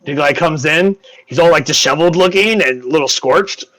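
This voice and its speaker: A man's voice: on the high side, brisk, low-quality recording. Game master man narrating with energy. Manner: animated, full of fillers.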